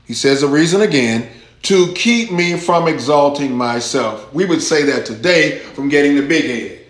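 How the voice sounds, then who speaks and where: A man preaching a sermon as pastor, slow and deliberate, rising with emphasis as he reads scripture aloud to his congregation. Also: fairly high pitch, expressive. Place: church hall. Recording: echoey church room.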